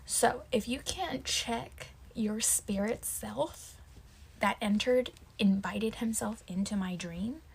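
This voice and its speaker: A woman's voice: a little high, slow pace, creaky, husky. A young woman telling a casual story time, dramatic and mock-serious. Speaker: vlogger.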